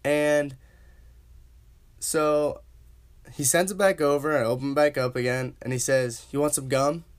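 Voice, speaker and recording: A man's voice: on the high side, fairly even intonation, unhurried, pauses often, smooth. A young man casually telling a funny personal story as host of his own podcast, slangy and laughing along. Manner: laid-back, slangy, laughs while telling.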